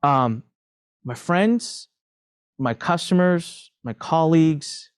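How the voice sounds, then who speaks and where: A man's voice: on the high side, fairly quick, no echo, studio quality. Emphatic middle-aged man telling his story. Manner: emphatic, animated, repeats phrases for emphasis. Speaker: podcast guest, entrepreneur. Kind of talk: candid conversational storytelling.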